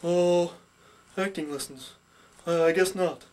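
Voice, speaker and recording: A man's voice: high-pitched, slow, darkish tone. A man voicing a dim, innocent boy puppet who asks confused, naive questions in a puppet skit. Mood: puzzled.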